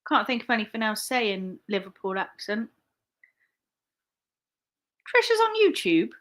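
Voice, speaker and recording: A young woman chats on a live stream in a rambling, casual way, laughing often and swearing freely. Her voice is quite high and very bright. She drifts from one memory to the next with easy humour. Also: very animated, unhurried. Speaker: online reseller live-streaming.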